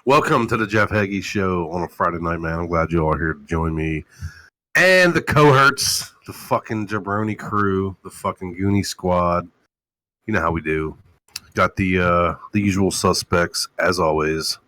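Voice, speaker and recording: A man hosting a call-in talk show, ranting loudly with constant swearing and mocking voices. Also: sits low, moderate pace, rough recording. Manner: loud, animated, swearing, mocking impressions. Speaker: host. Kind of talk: profane casual rant on a call-in show.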